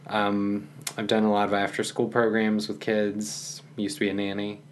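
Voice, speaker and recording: Calm, soft-spoken young man, low voice. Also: normal speed, slight background noise. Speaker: podcast guest. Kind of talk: casual conversation.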